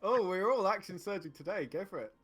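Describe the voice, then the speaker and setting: Man, game master, bright tone, slightly high, lively combat narration over voice chat. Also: brisk, faint music behind. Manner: lively, laughs often, describes combat blow by blow. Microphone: online call microphone.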